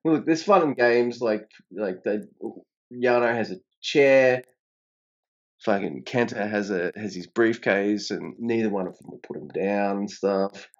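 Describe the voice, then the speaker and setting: A man chatting casually on a podcast, animated and profane, his voice leaping upward whenever he gets emphatic. The recording is dull and lo-fi. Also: a little slow. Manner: animated, swearing, pitch jumps up when emphatic. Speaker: podcast co-host reviewing wrestling.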